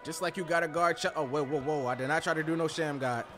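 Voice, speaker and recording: Loud, excitable young-sounding gaming streamer man. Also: on the high side, quick pace, faint music behind. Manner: loud, excitable, trash-talking, swings from mumbling to yelling. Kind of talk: casual gameplay commentary.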